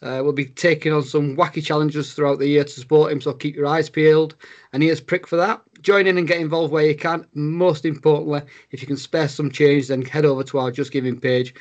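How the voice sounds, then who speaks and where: A man's voice: a little high, flat delivery, a little fast, dull audio. A British man co-hosting a casual podcast, friendly and rambling, with many fillers. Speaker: podcast co-host.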